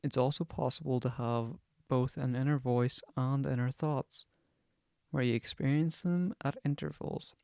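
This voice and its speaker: Young male podcast host, swears a lot, even, steady delivery, smooth, dry sound. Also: medium pitch, unhurried, no echo. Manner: swears constantly, chatty and digressive. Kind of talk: casual rambling podcast monologue.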